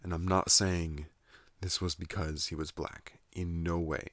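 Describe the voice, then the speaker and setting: A man hosting a soft-spoken ASMR channel, rambling at home in a soothing, unhurried monologue. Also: deep voice, level tone, no echo. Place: at home in a trailer.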